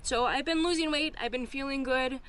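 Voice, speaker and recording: A woman's voice: high-pitched, normal speed, fairly bright tone, a little hiss or hum. A woman vlogger giving a candid, heartfelt update on her weight loss, close to tears at times. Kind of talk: emotional personal update.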